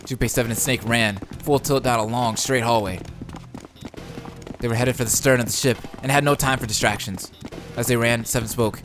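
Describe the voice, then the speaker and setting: Let's play host, male, excitable, reads game text, game music bed. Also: medium pitch, normal speed. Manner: excitable, reacting loudly. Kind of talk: gameplay commentary and text reading.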